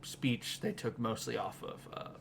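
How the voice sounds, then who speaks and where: A man's voice: on the low side, unhurried, creaky, a little hiss or hum. A man co-hosting a podcast, casually recapping anime episodes with a rambling, laughing way of talking. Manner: rambling, laughing, with frequent restarts and fillers. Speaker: podcast co-host.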